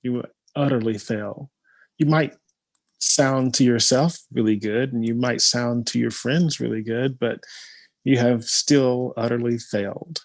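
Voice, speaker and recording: A man speaking slowly and thoughtfully in a casual conversation, his words spaced out by pauses and filler sounds. His voice sits at a middling pitch and is recorded close and dry, with almost no room sound. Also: steady tone, no echo. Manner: slow, thoughtful, with many hesitations. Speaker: playwright and teacher.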